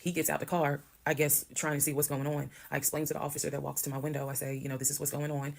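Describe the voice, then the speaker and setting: A woman from Georgia with a gravelly, fried edge to her voice tells her story at a brisk, rapid clip. She acts out the other people's voices as she goes and keeps the telling casual and animated. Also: sits low. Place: played clip heard on a stream.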